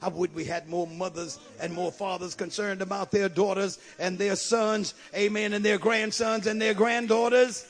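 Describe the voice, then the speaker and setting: A man preaching a sermon with fervor, dropping to a hush and then rising to shouts. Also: high-pitched, unhurried. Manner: impassioned, swings from hushed to shouting.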